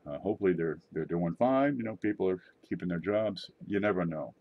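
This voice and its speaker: A man's voice: low voice, fairly quick, narrow, tinny audio. A middle-aged man hosting his own channel, rambling and joking in a casual monologue. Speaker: channel host.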